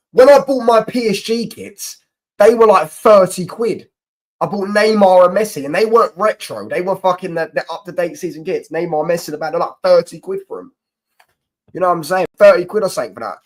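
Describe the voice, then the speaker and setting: A young man chats casually on a football livestream. His talk is slangy and excitable, full of shout-outs to viewers. His voice sits in an ordinary middle pitch. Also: low-quality recording.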